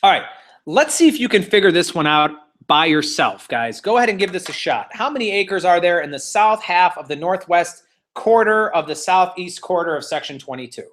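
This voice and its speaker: A man's voice: high voice, expressive, normal speed, fairly bright tone. A man teaching a live online real estate exam class, playful and teasing, walking students step by step and cheering them on.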